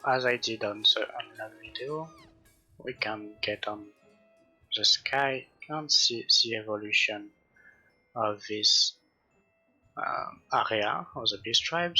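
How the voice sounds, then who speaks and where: A man's voice: on the low side, slightly rough, soft background music. Man talking casually over gameplay. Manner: relaxed, halting, with fillers. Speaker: gaming channel host.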